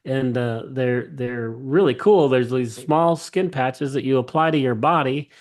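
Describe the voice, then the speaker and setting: A man's voice: medium pitch, a little slow. A man, a company CEO, telling his story as a podcast guest with eager enthusiasm, often restarting sentences and acting out quoted dialogue. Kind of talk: casual interview storytelling.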